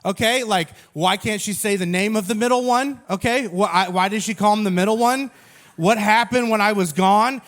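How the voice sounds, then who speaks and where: A man with a fairly high voice preaches a sermon full of jokes at his own expense. His storytelling is animated and lively, and he pokes fun at himself as he goes. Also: moderate pace. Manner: animated, self-mocking storytelling. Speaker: pastor. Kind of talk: humorous sermon.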